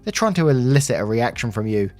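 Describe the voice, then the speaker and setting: A man with a mid-range voice reads a first-person story aloud. His delivery is steady and earnest. Faint music plays beneath the narration. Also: mid-range voice, fast.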